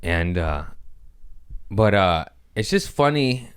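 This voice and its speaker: Low-voiced man rambling through funny stories. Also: animated, takes it slowly, smooth. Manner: loose, rambling, swearing and laughing at his own stories. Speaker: podcast host. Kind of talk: casual storytelling chat.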